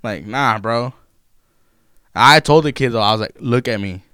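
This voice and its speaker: A man's voice: medium pitch, normal speed, smooth, dry recording, clean studio sound. Profane young man. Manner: profane, animated retelling of customer-service run-ins. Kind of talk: casual storytelling chat.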